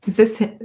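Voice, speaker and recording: An ASMR channel host chats casually with viewers on her live stream. She speaks softly, slips into whispers often, and laughs a lot.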